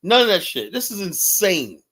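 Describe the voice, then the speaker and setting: A man's voice: high voice, big pitch swings, normal speed, bright, forceful tone, husky. A man, a podcast host, chatting casually and telling anecdotes, often checking in with "right?". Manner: storytelling, repeats "right?" often. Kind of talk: casual chat.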